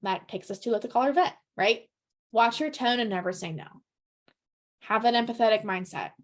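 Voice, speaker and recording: A woman's voice: on the high side, normal speed. A woman leading a real estate team training, upbeat and chatty, often checking in with "right?". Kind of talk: training presentation to colleagues.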